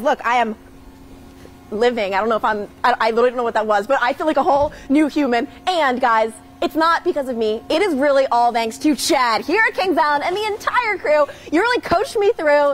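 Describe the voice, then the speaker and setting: Squealing, very high young woman reporter. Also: low-quality recording. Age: 20s. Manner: giddy, breathless, squealing. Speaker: TV news reporter. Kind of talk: excited live report from a roller coaster. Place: outdoor amusement park. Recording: outdoor park noise behind the voice.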